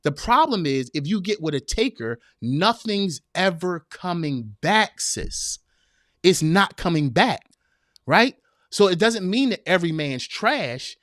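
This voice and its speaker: A man's voice: high voice, a bit bright, no echo, studio quality. A man hosting a live advice podcast in a direct, preachy way, repeating phrases for emphasis. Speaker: podcast host. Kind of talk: live-streamed advice talk.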